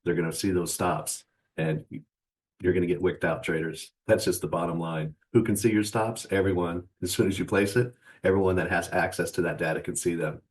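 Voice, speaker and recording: Brief: low-voiced male host, mocking and profane, lectures viewers he calls traders. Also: fairly even intonation, brisk, poor audio. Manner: scornful and profane, laughs at his own jabs; keeps calling the viewer traders. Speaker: trading channel host. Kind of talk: mocking motivational rant to the viewer.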